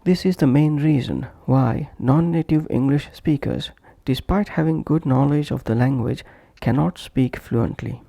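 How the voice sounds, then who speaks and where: A man narrating a scripted English pronunciation lesson, slowly and deliberately repeating example phrases as drills. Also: medium pitch, gravelly, mellow, no echo, studio quality.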